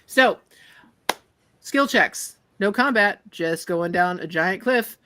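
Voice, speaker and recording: A woman's voice: medium pitch, animated, slow, pushed and bright, slight background noise. A woman running a tabletop game as game master, narrating scenes vividly and laughing with her players over a call. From Ireland.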